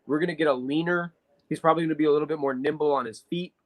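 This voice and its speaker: A man's voice: a little high, fairly even intonation, racing, rough recording. Chatty man breaking down football games. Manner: analytical, talks at length with many fillers. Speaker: podcast co-host. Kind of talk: casual sports chat.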